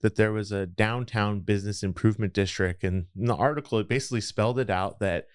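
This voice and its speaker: Low, smooth-voiced man. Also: steady tone, fast, no room sound, clean studio sound. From Los Angeles area. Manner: reflective, rambling with fillers. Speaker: guest. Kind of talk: casual interview storytelling.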